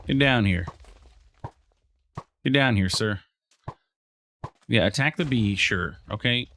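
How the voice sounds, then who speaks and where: A man's voice: lowish voice, animated, takes it slowly, fairly bright tone, a little hiss or hum. A man casually commentating his own gameplay, chatting to the creatures on screen and trailing off into fillers and restarts. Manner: chatty, talks to game mobs, frequent fillers and restarts. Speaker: let's play host.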